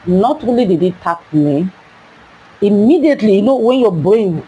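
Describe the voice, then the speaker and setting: Animated Nigerian woman telling a story. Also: moderate pace, slightly rough, low-quality recording. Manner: animated, acts out her younger self with sudden high cries. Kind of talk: casual storytelling.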